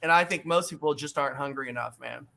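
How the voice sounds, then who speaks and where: A man's voice: on the high side, fast, vocal fry, pushed and bright. A middle-aged man on a video call, telling a story animatedly and with emphasis, acting out the voices he quotes. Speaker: book author guest.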